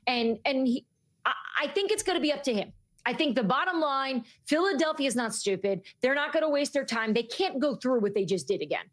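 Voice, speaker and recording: A woman with a fairly high voice giving sports talk analysis. She talks in a measured, conversational way and reasons through her points aloud. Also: animated. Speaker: sports commentator.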